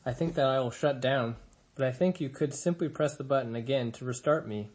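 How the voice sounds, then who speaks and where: A man voicing a calm, gentle female robot in a storybook reading, speaking in a polite, measured, friendly way. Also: medium pitch, natural voice.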